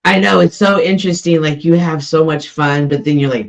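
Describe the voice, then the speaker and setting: A man's voice: on the high side, brisk, vocal fry, few pauses, poor audio. A man hosting a casual live stream, rambling in an upbeat way and teasing his guests.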